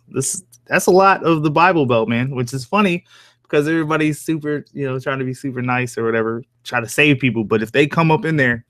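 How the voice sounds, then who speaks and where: A man's voice: mid-range voice, brisk, a bit bright, no echo. A man live-streaming from home with an accent that mixes New Jersey and Southern country, chatting casually with viewers in a loose, profane way with frequent chuckles. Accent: mix of New Jersey and American Southern country. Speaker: horror story narrator live-streaming. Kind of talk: casual live-stream chat, reading and answering viewer comments.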